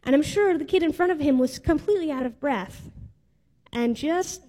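A woman's voice: high voice, normal speed, mellow. Heartfelt woman preaching in a reverberant hall. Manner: heartfelt, personal storytelling. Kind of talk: sermon storytelling. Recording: long reverb of a large hall.

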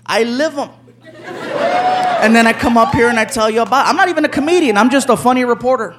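A man doing stand-up comedy, telling a story with animated acted-out voices on a live stage. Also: extremely high pitch, fairly quick. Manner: animated, acts out other characters' voices. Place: live comedy venue with audience. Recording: live stage recording with crowd noise.

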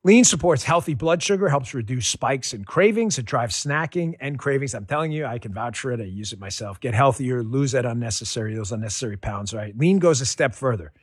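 A man's voice: mid-range voice, expressive, brisk, few pauses, husky, no echo, studio quality. A man reading a personal testimonial ad on the radio in a folksy, enthusiastic, conversational way.

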